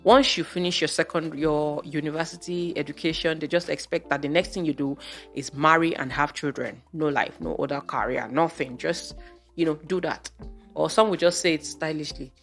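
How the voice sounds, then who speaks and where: Low-voiced woman vlogger. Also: normal speed, soft background music. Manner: chatty, exasperated, rhetorical questions. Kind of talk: casual storytelling monologue.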